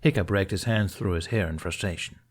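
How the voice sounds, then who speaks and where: A man reading a fan fiction chapter aloud in a steady storytelling way. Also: low voice, fairly quick, breathy edge. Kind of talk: audiobook narration.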